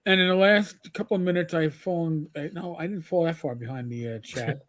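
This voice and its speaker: A man with a notably high voice co-hosts a casual gaming stream. He talks haltingly, full of uhs and restarts. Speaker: co-host of a gaming talk stream. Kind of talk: casual chat.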